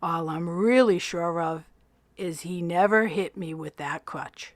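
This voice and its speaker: A woman teacher reading a novel aloud in an expressive storytelling voice, narrating in the first person. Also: fairly low pitch, measured pace, no echo, clean studio sound.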